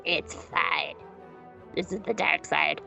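A woman co-hosting a podcast, recapping in casual chat that is rambling and jokey, with quick asides. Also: sits low, vocal fry, pushed and bright, dull audio, soft background music. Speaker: podcast co-host.

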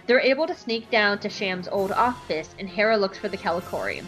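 A woman's voice: medium pitch, expressive, brisk, fairly bright tone, soft background music, poor audio. A young woman hosting a podcast, chatting casually and giggly through an episode recap. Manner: chatty, giggly, lots of fillers. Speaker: podcast host.

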